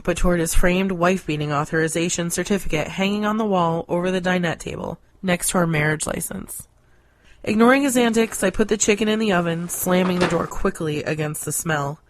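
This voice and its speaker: A woman narrating a short story in a deadpan, sardonic manner. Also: fairly low pitch. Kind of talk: scripted story reading.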